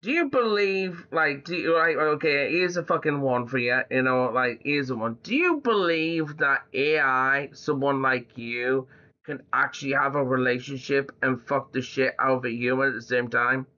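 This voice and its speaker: A man's voice: mid-range voice, normal speed, pushed and bright, highs cut off. A man streaming, chatting loosely with an AI, full of fillers and swearing. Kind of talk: casual chat.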